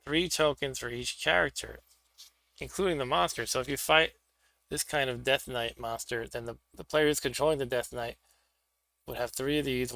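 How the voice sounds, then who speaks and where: A man's voice: medium pitch, vocal fry, pushed and bright, no echo. A man hosting a board game stream, chatting casually and thinking aloud as he sets up pieces for a solo game. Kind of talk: casual solo play-through commentary.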